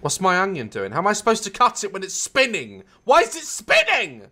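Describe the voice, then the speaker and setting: A man's voice: high-pitched, wildly swooping pitch, a little fast, pushed and bright. A man giving comedic gameplay commentary, frantic and swearing constantly, yelping and cackling as things go wrong. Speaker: gaming YouTuber.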